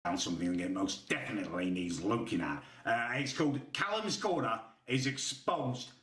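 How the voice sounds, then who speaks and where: A man's voice: on the low side, expressive, moderate pace, fairly bright tone, distant mic. A man talking to the camera as a YouTuber, sarcastic and exasperated in his indignant commentary. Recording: roomy echo.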